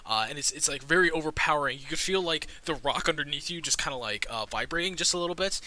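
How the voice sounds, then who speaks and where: A man's voice: on the high side, animated, fast, bright, forceful tone. A man narrating a tabletop game as game master, casual and full of fillers. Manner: casual, filler-heavy narration with frequent laughs.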